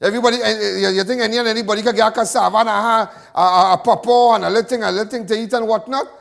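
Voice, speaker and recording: A man's voice: sits high, steady tone, very fast, creaky. A Trinidadian man hosting a live crime talk show, delivering a fiery monologue full of repetitions and stammered restarts.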